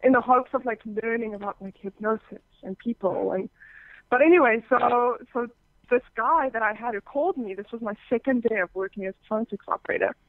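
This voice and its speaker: A woman's voice: a little high, brisk, dry recording. Woman talking over a thin phone-like line. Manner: lively storyteller who acts out quoted callers, with many fillers and restarts. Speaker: podcaster and phone sex operator, guest. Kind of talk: casual interview chat. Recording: thin, dry phone-like sound.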